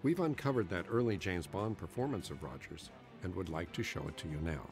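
A man presenting an archive clip, measured and formal. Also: low voice, lively intonation, music in the background. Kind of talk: scripted introduction.

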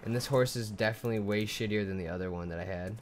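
A man's voice: lowish voice, fast talker, slight background noise. Swearing young man narrating his gameplay. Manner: profane, swearing often, thinking aloud. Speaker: gamer. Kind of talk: casual gameplay commentary.

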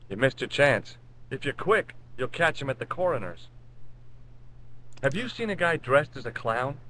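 An actor playing a persistent, wisecracking amateur sleuth in a point-and-click adventure game, asking around with dry humor. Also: male voice, medium pitch, sing-song, normal speed, fairly bright tone, slight background noise, rough recording. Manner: dry, sarcastic quips. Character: wry American male tourist sleuth, persistent.

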